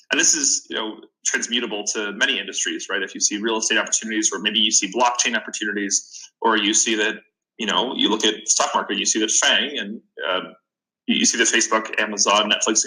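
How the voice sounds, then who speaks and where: A man's voice: on the low side, pushed and bright, rough recording. A man in his twenties, a podcast guest and startup founder, giving earnest advice in a casual interview, often restarting his sentences. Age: 20s.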